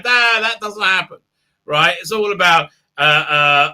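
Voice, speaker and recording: A rambling, irreverent man talks through a casual review, stumbling over fillers as he goes. His voice sits high for a man and sounds sharply bright and tense. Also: lively intonation, a little slow. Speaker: show host and reviewer.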